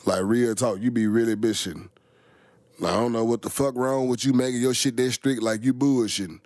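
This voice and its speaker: A man's voice: mid-range voice, fairly even intonation, fairly quick, darkish tone, no room sound, studio quality. A middle-aged man, rambling casually to his viewers, full of slang and swearing. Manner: profane, rambling, heavy slang. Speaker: vlogger.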